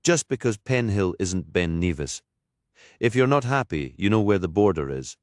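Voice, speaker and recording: A man's voice: deep voice, expressive, moderate pace, no echo, clean studio sound. A man voicing a playful male police colleague who teases his workmates, in an audiobook. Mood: joshing. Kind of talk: audiobook character voice.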